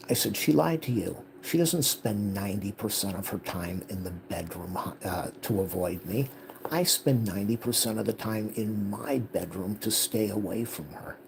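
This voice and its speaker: In an emotional vlog update, a man recounts a family fight with heat, reciting the dialogue of those involved. His voice is fairly low and creaky, and the low-quality recording carries a little hiss or hum.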